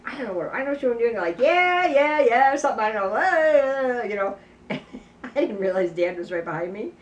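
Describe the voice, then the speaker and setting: A woman's voice: medium pitch, racing, lo-fi sound. An older woman telling family stories in casual talk, acting out quoted voices and laughing as she goes. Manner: lively storyteller who acts out quoted voices and laughs often. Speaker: sibling sharing family memories. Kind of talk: casual storytelling among family. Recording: roomy, distant mic, faint background noise.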